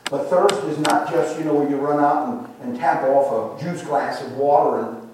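An older man preaching a sermon, slow and emphatic, repeating phrases for emphasis, with the congregation answering now and then. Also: fairly high pitch, fairly even intonation. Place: church sanctuary. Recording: echoey room, distant mic, faint noise.

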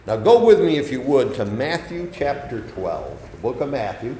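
A man preaching a sermon, folksy and conversational, swinging between loud emphasis and soft asides. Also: medium pitch, very animated, moderate pace, reverberant, a little hiss or hum, rough recording.

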